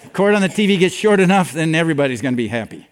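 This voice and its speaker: A man's voice: a little high, racing. An older man preaching a sermon as a pastor, telling stories and acting out the dialogue with animation. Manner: animated storytelling that acts out dialogue. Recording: long reverb of a large hall.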